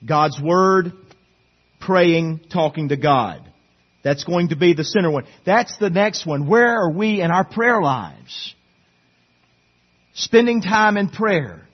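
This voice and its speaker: In a church sanctuary, a middle-aged pastor preaches to his congregation, earnestly pleading and urging them again and again. His voice is high-pitched with lively intonation and a slow pace, and the recording sounds lo-fi.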